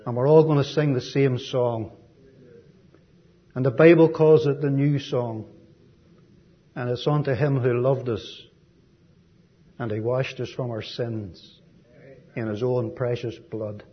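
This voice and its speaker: An Irish man giving a sermon as a visiting preacher, gentle and folksy, with frequent ums and asides. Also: medium pitch, steady tone, takes it slowly, pauses often, highs cut off. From Ireland.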